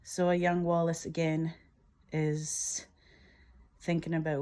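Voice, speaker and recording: Low-voiced woman enthusing over her screenplay. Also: completely flat delivery, normal speed, mellow. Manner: enthusiastic, laughs at herself, emotional. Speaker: filmmaker describing her screenplay. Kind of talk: animated scene-by-scene retelling.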